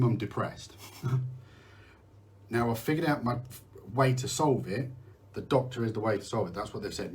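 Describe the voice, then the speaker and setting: A middle-aged British man hosts a candid live talk on mental health, rambling, restarting sentences and swearing occasionally. His voice is medium-pitched with a darkish tone, and there's a little hiss or hum.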